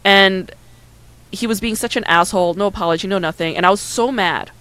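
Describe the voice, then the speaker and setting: A candid woman tells a story in a mid-range voice, speaking fairly quickly. She's animated, acting out quotes and often saying "like" and "right?" in casual chat. The recording is low quality, with no room sound.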